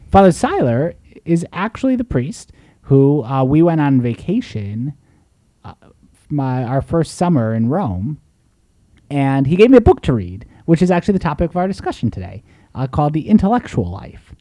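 A man, a priest, co-hosting a casual chat and telling rambling, animated stories. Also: a little high, moderate pace, dry recording. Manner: rambling, animated storyteller with laughs. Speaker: priest and podcast co-host.

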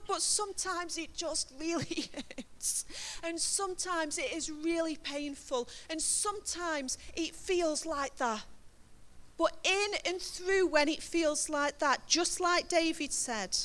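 A woman's voice: sits high, slow, fairly bright tone. A woman preaching a sermon from a church stage, earnest and emphatic as she encourages the congregation.

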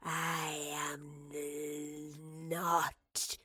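A woman voicing a hissing, inhuman male wraith creature in an audiobook, speaking low and slow in a menacing whisper. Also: completely flat delivery, pushed and bright, slightly rough, no echo, clean studio sound, heavily acted.

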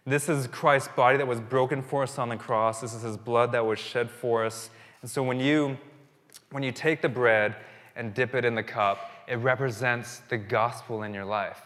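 A man's voice: medium pitch, steady tone, normal speed. Thirties male pastor, chatty storytelling sermon, reverberant hall. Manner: conversational, warm-hearted storytelling with restarts. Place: church sanctuary.

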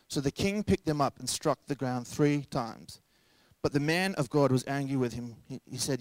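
A man's voice: mid-range voice, moderate pace, dry recording. A young man preaching a sermon in a casual, joking way, acting out quoted voices along the way. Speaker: pastor.

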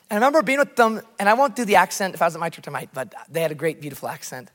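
In a church hall with long reverb, an American pastor preaches with passion, sharing stories from his missions work. His voice sits high and a bit bright, swinging widely in pitch as he races along with hardly a pause.

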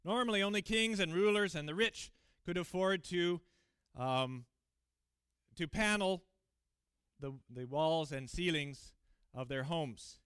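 A man's voice: a little high, slow pace, a bit bright, clear, resonant tone, no echo, clean studio sound. A man preaching a sermon in church, reading scripture aloud and explaining it in an earnest, emphatic way with frequent fillers and restarts.

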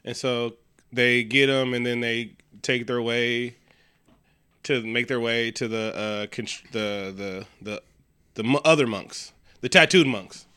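Bright, crisp-voiced man recapping a movie. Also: medium pitch, slow, no echo. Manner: animated retelling, slips into voices for characters. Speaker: podcast co-host. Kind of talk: casual movie recap chat.

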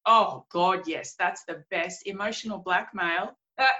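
A woman's voice: lowish voice, measured pace, pushed and bright, lo-fi sound. A woman in her forties hosting a casual podcast chat, speaking bluntly and emphatically as she tells a client story.

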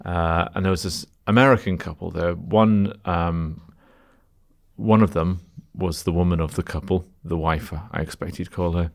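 Very deep-voiced man telling a story. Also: steady tone, normal speed, gravelly. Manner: dry, self-mocking anecdote telling. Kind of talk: casual storytelling.

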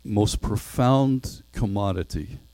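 Preacher, male, low mellow voice, earnest sermon delivery, dry close sound. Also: slow pace, dry recording. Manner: earnest, reads a storybook passage aloud with voiced parts.

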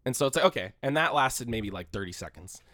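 A man's voice: medium pitch, expressive, quick pace, no room sound, studio quality. A man co-hosting a podcast in casual chat, rambling and swearing freely. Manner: rambling, swears freely, acts out shouting crowds. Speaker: podcast co-host.

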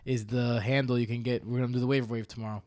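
A man's voice: mid-range voice, flat delivery, racing, a little mellow. Chatty male podcast host. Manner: loose and chatty, with fillers and laughs. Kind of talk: casual podcast chat.

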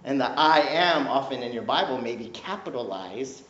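A man's voice: medium pitch, moderate pace. A male pastor preaching a sermon in a conversational, playful way, often checking in with "right?". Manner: conversational, animated, keeps asking "right?"; playful, jokes with the congregation. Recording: echoey room, dull lo-fi sound.

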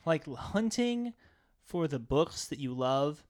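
A man co-hosting a podcast in casual chat, telling animated stories and swearing freely. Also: on the high side, slow pace, crowd noise. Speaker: podcast co-host.

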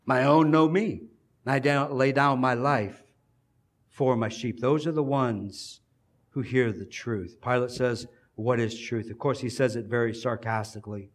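A man preaching a sermon in an earnest way, building emphasis and pausing between phrases. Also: mid-range voice, fairly even intonation.

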